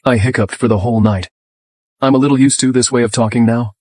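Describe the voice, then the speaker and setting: An actor voicing a young company president who speaks earnestly and devotedly. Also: male voice, mid-range voice, fairly even intonation, fast, darkish tone, no room sound, studio quality, close to an everyday voice. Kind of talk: dubbed drama dialogue.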